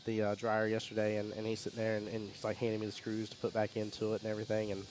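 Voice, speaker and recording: A man's voice: fairly low pitch, monotone, racing, darkish tone, faint music behind. A man, commentating a pool match in a casual, chatty way. He laughs often and repeats words as he tells stories. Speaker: pool commentator and division rep. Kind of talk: casual live sports commentary.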